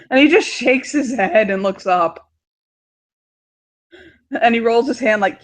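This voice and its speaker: A woman's voice: medium pitch, moderate pace. Giggly woman narrating a tabletop game. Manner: giggly, lots of fillers. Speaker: game master.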